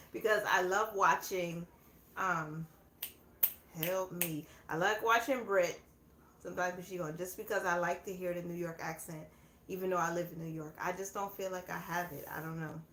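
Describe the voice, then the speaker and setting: A woman's voice: on the low side, a bit bright. Chatty woman in an echoey room. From southern United States. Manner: laid-back, chatty, laughs often. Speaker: livestream host. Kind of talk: casual live chat. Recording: echoey room, faint background noise.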